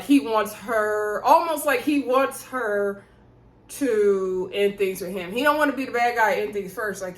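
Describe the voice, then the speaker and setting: A woman's voice: mid-range voice, reverberant. Sassy woman recapping reality TV. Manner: sassy, animated retelling with quoted voices. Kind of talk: casual recap chat.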